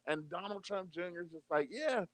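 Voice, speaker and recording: A man's voice: on the high side, moderate pace, no room sound. A man co-hosting a casual chat show, telling stories with heavy swearing and acting out the people he quotes. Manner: animated storytelling, heavy profanity, acts out quotes. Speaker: podcast co-host.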